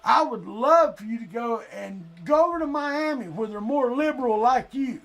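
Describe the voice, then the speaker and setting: A man from Florida, hosting a live stream and delivering a heated, blunt, profane political rant that sometimes breaks into shouting. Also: very high voice, lively intonation, unhurried, gravelly. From Lee County, Florida.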